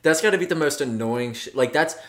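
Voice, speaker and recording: Lively laughing young man. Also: on the high side, fairly quick. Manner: laughs often, joking and animated. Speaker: podcast co-host. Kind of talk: casual chat.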